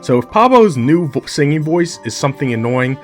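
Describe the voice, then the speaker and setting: Joking man over loud game music. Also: on the high side, sing-song, brisk. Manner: exasperated, joking asides to game characters. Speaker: gaming video host. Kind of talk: casual gameplay commentary.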